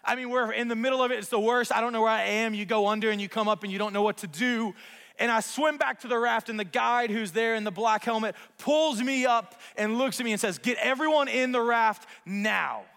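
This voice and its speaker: A man preaching a sermon as pastor, telling a story in an animated, self-mocking way in a church sanctuary. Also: very high voice, quick pace, clean tone. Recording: long reverb of a large hall.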